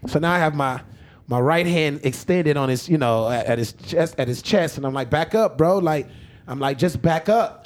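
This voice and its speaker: A man telling a story on a podcast in a casual, animated and profane way. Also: mid-range voice, moderate pace. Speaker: podcast guest or host.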